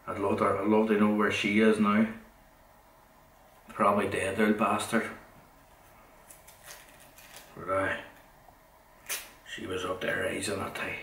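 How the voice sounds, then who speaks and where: A middle-aged podcast host with a Derry accent from Northern Ireland rambles through a long story, swearing bluntly and repeating himself in a low, flat voice. He's far from the mic in a roomy, echoing space with faint background noise.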